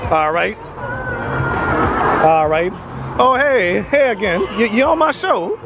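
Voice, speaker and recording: A man's voice: high-pitched, big pitch swings, takes it slowly, vocal fry, rough recording. A man hosting his own casual live-stream show from a family birthday party, rambling and stammering as he keeps talking to viewers. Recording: party music and crowd chatter behind.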